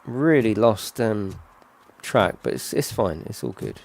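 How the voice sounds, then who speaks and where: A man's voice: on the low side, lively intonation, unhurried, creaky, darkish tone. A middle-aged man giving casual, rambling game commentary full of tag questions. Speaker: gaming channel host.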